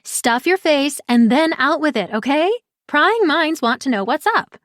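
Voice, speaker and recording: A woman's voice: high voice, expressive, slow, dry recording, clean studio sound, pitched above the performer's own voice. A woman narrator voicing a bold, pushy young woman friend who talks eagerly and bluntly in an audiobook.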